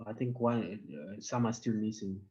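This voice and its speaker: A man's voice: fairly low pitch, moderate pace, darkish tone, highs cut off. A man teaching an online German class in English, patient and joking, dropping German words in.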